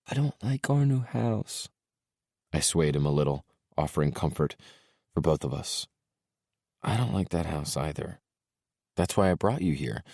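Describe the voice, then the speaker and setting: A man narrating an audiobook in a soft, subdued way, dropping his voice low for tender moments. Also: gravelly, no echo, studio quality.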